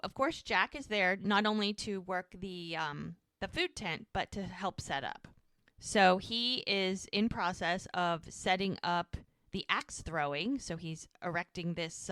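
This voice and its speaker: A woman talking casually on a podcast, recapping a show scene by scene. Her voice is bright and crisp, close and dry on the mic, and she slips into quick quoted lines along the way. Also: on the low side, dry recording. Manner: animated, quotes characters in quick bits, chatty asides. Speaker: podcast co-host recapping episodes. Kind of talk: casual chat, retelling scenes.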